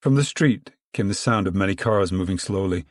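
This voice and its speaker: A man reading a novel aloud, narrating and voicing the family's dialogue in a rough rural drawl. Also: low voice, a little fast, dry recording, clean studio sound. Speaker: audiobook narrator. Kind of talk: dramatic audiobook reading with character voices.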